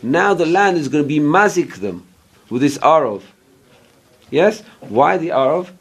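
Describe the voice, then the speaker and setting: A man's voice: fairly high pitch, lively intonation, slightly rough. Man teaching a Bible class. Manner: explains verse by verse and checks in with "right?"; pauses to search for English words. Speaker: Torah teacher.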